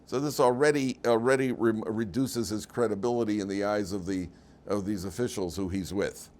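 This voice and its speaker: Lower-voiced man giving a humorous lecture. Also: fairly even intonation, moderate pace, darkish tone. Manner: conversational, humorous, quizzes the class. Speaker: rabbi teaching a weekly class. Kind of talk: informal lecture.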